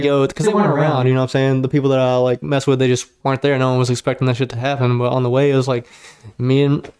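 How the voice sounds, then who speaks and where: A man guest on a podcast, telling a story in a casual, animated, slang-heavy and profane way. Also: mid-range voice. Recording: roomy echo.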